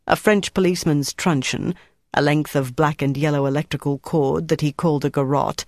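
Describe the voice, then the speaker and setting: An audiobook narrator reading a novel in a steady, measured storytelling manner. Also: medium pitch, dry recording, studio quality. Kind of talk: scripted narration.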